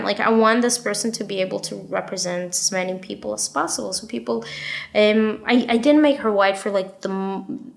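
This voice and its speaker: A woman in casual chat as a guest author, blunt and profane, full of fillers and quick restarts. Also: medium pitch, gravelly, a bit bright. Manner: talks fast with many fillers and restarts.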